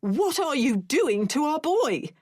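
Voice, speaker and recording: A woman's voice: high-pitched, sing-song, takes it slowly, a little mellow, no echo, clean studio sound, pitched above the performer's own voice, heavily acted. A woman voicing a stern mother who questions coldly and sharply. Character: stern mother, cold and demanding.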